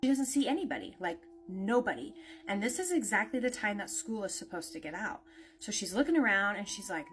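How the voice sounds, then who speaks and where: A woman telling a spooky story in a casual, conversational way, with lots of "like" and "naturally". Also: medium pitch.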